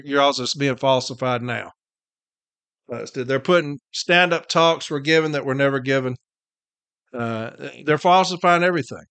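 A podcast host who also works as a union rep rants casually, blunt, heated and full of profanity, sounding tired and irritated as he repeats his points to hammer them home. His pitch sits fairly high, his delivery pushed and bright, with a clean tone on a dry recording.

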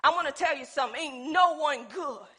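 Lady preacher, super high voice, folksy and emphatic, keeps getting the church to answer back. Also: a little fast, sharp tone. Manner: calls on the congregation to respond, folksy and emphatic. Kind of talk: sermon.

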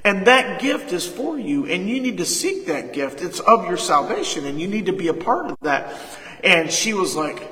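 High-voiced pastor preaching in an echoey hall. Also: male voice, lively intonation, normal speed, crowd noise. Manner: call-and-response preaching, retelling a conversation with sudden loud emphasis. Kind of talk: sermon. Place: church sanctuary.

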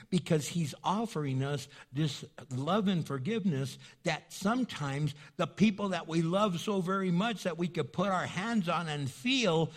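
A man preaching a sermon as pastor, emphatic and repetitive, acting out little asides for the congregation. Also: a little high. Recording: long hall reverb.

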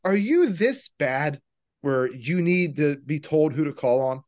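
Lively man firing off rhetorical questions. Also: a little high. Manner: animated, rapid-fire rhetorical questions. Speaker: podcast co-host. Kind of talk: casual political chat.

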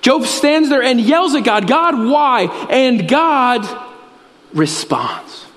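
A man preaching a sermon as a pastor, earnest and repetitive, with emphatic pauses. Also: extremely high pitch, big pitch swings, fairly bright tone. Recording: reverberant hall.

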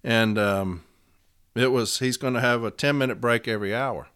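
A man with a voice of middling pitch tells a story the way a union rep talks. He is blunt and profane and gets heated as he goes. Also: normal speed, fairly bright tone, clean tone. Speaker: union representative. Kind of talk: casual storytelling monologue.

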